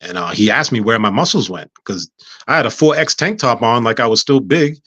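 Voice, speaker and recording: A man appears as a talk show guest in a casual storytelling interview, telling a personal story with humor and acting out the dialogue. His mid-range voice is animated, brisk, pushed and bright. There's no room sound, and the lo-fi audio is dull.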